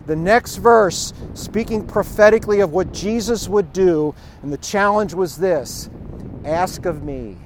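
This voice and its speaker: Brief: middle-aged male preacher, high voice, chatty storytelling delivery, faint outdoor noise behind. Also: unhurried, few pauses. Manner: conversational, storytelling, chuckling asides. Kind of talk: informal sermon.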